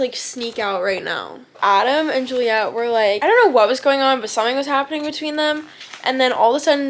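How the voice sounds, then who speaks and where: Excitable young woman, gravelly voice. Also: fairly high pitch, slight background noise. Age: young adult. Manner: excitable, frequent "like" fillers. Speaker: book vlogger. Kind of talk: reading vlog, reading aloud and reacting.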